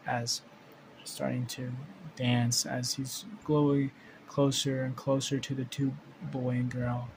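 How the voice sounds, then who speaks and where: A man telling an improvised fan story in a mid-pitched voice. He rambles, restarts sentences and swears casually. A faint hiss of ambient noise sits under the recording. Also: completely flat delivery, slow.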